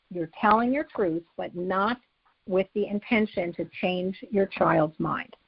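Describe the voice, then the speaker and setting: A woman psychologist giving advice in an interview, calmly walking through numbered steps and acting out sample phrases a parent could say. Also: mid-range voice, breathy edge, no room sound. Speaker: psychologist guest expert. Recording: slightly dull, dry lo-fi recording.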